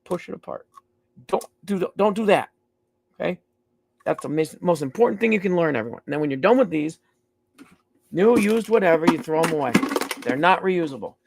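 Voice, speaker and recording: A man's voice: fairly high pitch, lively intonation, brisk, creaky, pauses often, a little mellow. A man hosting a live stream, casually demonstrating lab safety step by step in a blunt, repetitive way, swearing now and then. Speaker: streaming host teaching mycology safety. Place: dim room at home.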